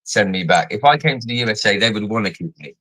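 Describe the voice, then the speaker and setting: A man's voice: fairly low pitch, lively intonation, fast, bright, forceful tone, rough recording. A man with a Cockney accent, chatting casually on a live stream and repeating words as he thinks. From England.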